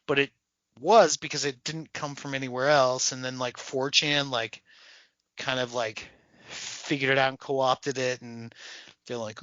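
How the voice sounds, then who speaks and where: A man co-hosting a podcast in casual chat, animated and profane, acting out voices as he tells a story. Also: medium pitch, a little slow, no echo, dull audio. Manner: animated, swearing, acts out people's voices. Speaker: podcast co-host.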